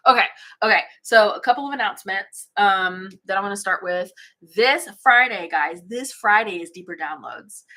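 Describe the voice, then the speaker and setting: A woman's voice: on the low side, fairly bright tone. A woman hosting a casual livestream, chatting bubbly with viewers and yawning often. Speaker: spiritual channel host. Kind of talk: casual livestream chat reading comments. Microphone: phone or webcam livestream.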